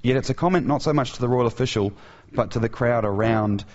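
A man's voice: mid-range voice, fast talker, darkish tone. A man preaching an earnest sermon who asks his listeners rhetorical questions, in a dull, lo-fi recording.

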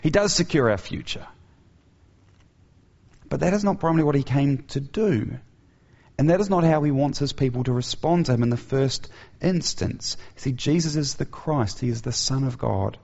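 Gravelly-voiced man preaching a sermon. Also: medium pitch, lively intonation, normal speed, darkish tone. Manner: earnest, asks the listeners rhetorical questions. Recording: dull lo-fi recording.

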